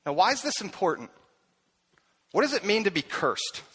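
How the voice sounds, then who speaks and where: A man preaching a sermon, telling the story with animated delivery and acting out the voices he quotes. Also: sits high, normal speed, husky. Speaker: pastor.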